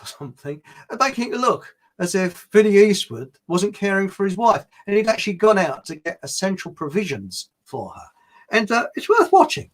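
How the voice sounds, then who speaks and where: Man, live-stream host, husky voice, lively up-and-down pitch, rambling, chuckly. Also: normal speed. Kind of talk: casual live-stream chat answering viewers.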